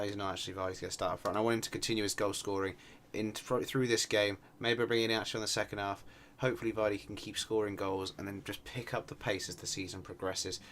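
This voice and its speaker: A young man, a gaming video host, giving sarcastic and excitable play-by-play over his game, swinging from shouts to mutters. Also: lowish voice, a little hiss or hum. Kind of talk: gameplay commentary.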